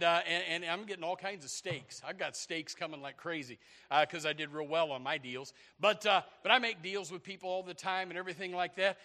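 A man preaching a sermon in a church, rambling and excitable, with many restarts and sudden shouted bursts. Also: sits high. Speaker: pastor. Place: church sanctuary. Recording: long hall reverb.

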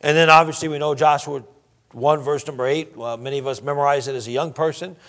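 A man preaching in a church, his voice pitched high for a man. He reads scripture slowly and deliberately, then drops to quiet asides before rising again with emphasis. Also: steady tone. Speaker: pastor. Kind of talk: sermon.

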